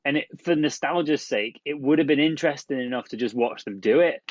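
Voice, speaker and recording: A man's voice: mid-range voice, brisk, dry recording. A man co-hosting a podcast in casual chat, cracking cheeky, crude jokes. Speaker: podcast co-host. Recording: dry, dull lo-fi sound.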